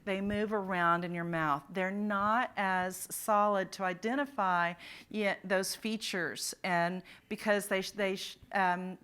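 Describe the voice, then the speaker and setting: A woman's voice: medium pitch, fairly bright tone. A woman presenting a phonics workshop at a conference, quizzing her audience of teachers. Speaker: literacy presenter. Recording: conference talk in a hall.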